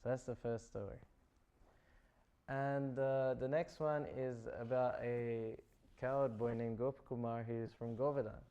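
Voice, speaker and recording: A man's voice: medium pitch, fairly even intonation, unhurried, mellow, highs cut off. A man giving a scripture class, retelling stories in a loose, chatty way full of "like" and "you know". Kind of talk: casual storytelling talk.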